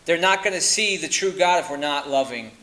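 A man preaching a sermon, emphatic and insistent, firing rhetorical questions and dropping to quiet at the ends of lines. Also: on the high side, brisk, low-quality recording.

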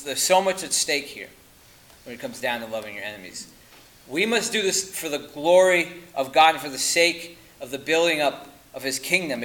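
A man's voice: fairly high pitch, rough recording. Emphatic male preacher, rhetorical questions. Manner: emphatic, rhetorical questions, drops to quiet at line ends. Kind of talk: sermon.

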